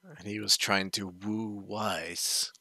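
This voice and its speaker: Low, gravelly-voiced man chatting to viewers. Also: fairly even intonation, slow pace, sharp tone, no room sound. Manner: chatty, addresses viewers directly, sometimes drops to a whisper. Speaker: video host reacting to a web series. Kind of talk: casual reaction commentary.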